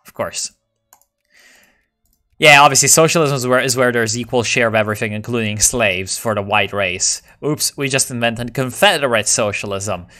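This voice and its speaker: Man, gamer, casual play commentary, joking, swearing, excitable rambling, mid-range voice. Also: medium pitch, moderate pace. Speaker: video game player.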